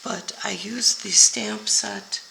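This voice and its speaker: An older woman with a hoarse voice, slowly explaining each step of a papercraft card tutorial while she works. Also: mid-range voice, fairly even intonation, background noise. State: hoarse, voice going out. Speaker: papercraft demonstrator.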